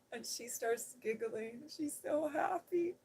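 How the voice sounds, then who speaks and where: A middle-aged woman, an ASMR host, telling a personal story in a gentle, hushed voice that drifts into whispers. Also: medium pitch, breathy edge, poor audio. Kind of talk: soft-spoken storytelling.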